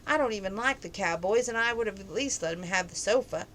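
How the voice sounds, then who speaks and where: Feisty bar-owner woman, brash and blunt, bright tone, read by a woman narrator. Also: medium pitch, slight background noise, close to an everyday voice. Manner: brash, quick comebacks.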